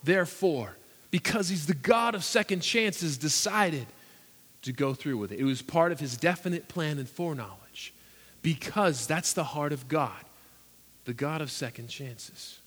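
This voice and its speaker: A man's voice: on the high side, a little slow, a bit bright, breathy edge. A man preaching a sermon as pastor, earnest and emphatic, firing off rhetorical questions. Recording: echoey hall reverb.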